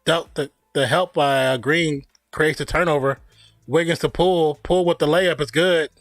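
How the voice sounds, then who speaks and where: Fairly high in pitch and steady in tone, this streamer's voice moves at a moderate pace as he calls basketball for a live watch party. His fan commentary is casual, opinionated, and jokey, and he laughs at himself. Faint music plays behind, with no echo.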